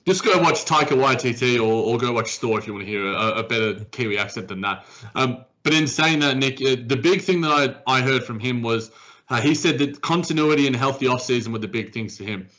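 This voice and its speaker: A man's voice: medium pitch, lively intonation, a little fast, bright, forceful tone, muffled recording. A man co-hosting a casual basketball podcast, rambling with frequent restarts. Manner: rambling, many restarts and fillers. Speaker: podcast co-host. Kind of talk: casual sports chat.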